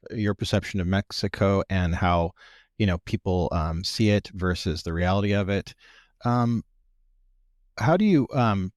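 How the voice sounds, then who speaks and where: A man hosting a podcast interview, appreciative and halting, asking a long question with fillers. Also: low-pitched, dry recording, studio quality. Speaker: podcast host.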